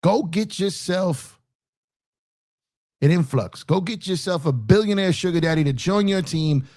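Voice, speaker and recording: High-pitched yet darkish in tone, the voice of this sports show host moves a little slowly. He rants with fired-up fan energy, repeats himself to drive points home, taunts rival fans, and reads viewer super chats.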